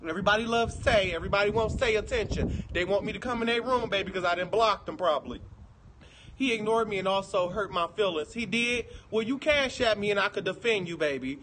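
A man with a Detroit accent and a high-sitting voice talks fairly quickly on a livestream, with crowd noise behind him. His casual chat with viewers is brash, profane and teasing.

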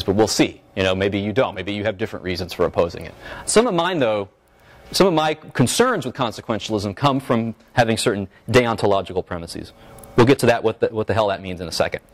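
Animated man giving a casual philosophy lecture. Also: fairly low pitch, a little fast. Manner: animated, joking, lots of fillers and restarts, checks in with "right?". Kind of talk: university seminar lecture. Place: lecture room at a seminar.

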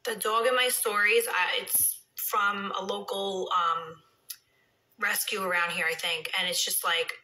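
New woman in her thirties, phone live stream, bright tone, echoey room. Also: mid-range voice, fairly even intonation, a little slow. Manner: chatty, swings into soft whispers and heated rants. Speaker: reality TV personality on a live stream. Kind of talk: casual live-stream chat reading comments.

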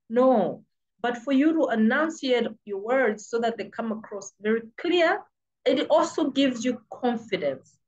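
A woman's voice: fairly high pitch, muffled recording. Insistent woman with a British-sounding accent. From Malawi. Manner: emphatic and insistent, repeats for stress. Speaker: freelancing coach. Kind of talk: motivational advice talk.

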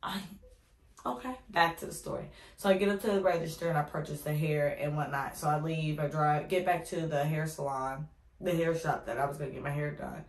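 Woman, vlogger, storytime, low voice, candid opinionated ranting, echoey room. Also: brisk. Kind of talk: casual storytime.

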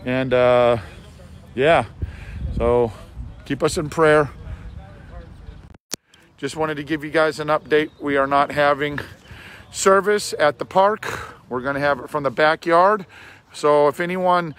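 A hoarse man with a scratchy voice gives an earnest, rambling video update as an outreach pastor, recorded outdoors in a park on a handheld phone. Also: a little high, fairly bright tone. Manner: earnest, rambling, with many fillers.

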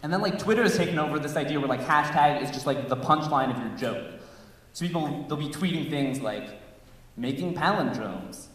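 Young male comic, slightly high voice, rambling filler-heavy delivery, miked far off in a reverberant hall. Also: brisk, fairly bright tone. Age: young adult. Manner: rambling, filler-heavy storytelling with acted-out quotes. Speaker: stand-up comedian. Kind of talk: stand-up comedy set. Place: campus showcase stage, with live audience.

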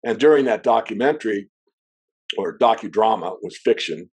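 A man with a low, mellow voice, talking as an interview guest about markets. He explains at length, drifting into asides, and clears his throat now and then. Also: lively intonation, moderate pace. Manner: discursive, wanders into asides. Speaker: precious metals analyst guest.

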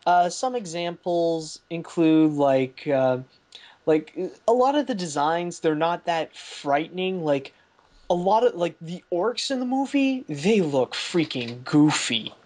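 A man's voice: a little high, expressive, slow, darkish tone. A man hosting a podcast, chatting casually about a film and rambling with lots of "like" fillers and restarts. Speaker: podcast host. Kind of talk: casual movie review chat.

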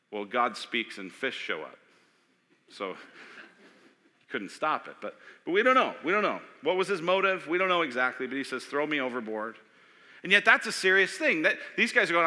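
A man preaching a sermon as pastor, animated, asking questions and acting out voices. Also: a little high, normal speed. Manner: animated, acts out voices, asks the audience questions. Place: church sanctuary. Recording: long hall reverb.

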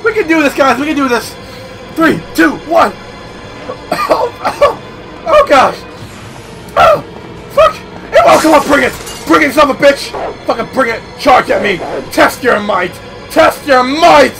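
A man giving profane, jumpy let's-play commentary, yelling at the game as he plays. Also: very high-pitched, sing-song, a little slow, over music. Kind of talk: gameplay commentary.

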